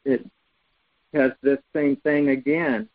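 A man with a somewhat high voice leads an informal Bible study, moving between reading scripture aloud and chatting about it. He talks loosely, restarting sentences as he goes. The recording sounds dull and lo-fi. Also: steady tone, takes it slowly. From United States. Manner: conversational, reads scripture aloud with frequent restarts. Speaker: Bible teacher.

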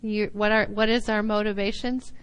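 A woman teaching a Bible lesson in sermon style, animated and laughing often, sometimes acting out little voices. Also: medium pitch, normal speed, smooth, poor audio.

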